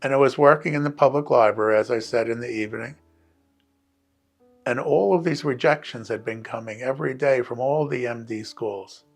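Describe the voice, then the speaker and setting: An older man from New Jersey, a physician, telling a personal story in a wry, animated way and acting out the dialogue. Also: mid-range voice, fairly quick, creaky, hardly any pauses, soft background music.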